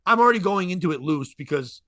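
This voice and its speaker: A man's voice: high voice, no room sound, clean studio sound. A man telling a long rambling comedy story in casual podcast chat. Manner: rambling, animated, quick asides and laughs.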